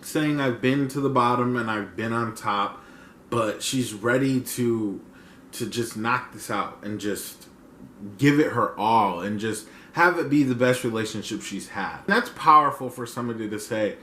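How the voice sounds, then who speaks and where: A man's voice: mid-range voice, measured pace. Twenty-something guy reacting to songs, super effusive, says like a lot, echoey room. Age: 20s. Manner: gushing, filler-heavy, swings loud and soft. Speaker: music reviewer. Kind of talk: casual reaction review. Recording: echoey room with faint noise.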